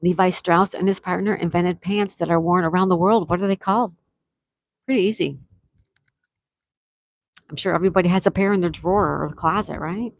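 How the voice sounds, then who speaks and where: A woman's voice: on the low side, creaky, no room sound. Chatty woman hosting live trivia. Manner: chatty, reads chat aloud, repeats questions slowly. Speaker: livestream trivia host.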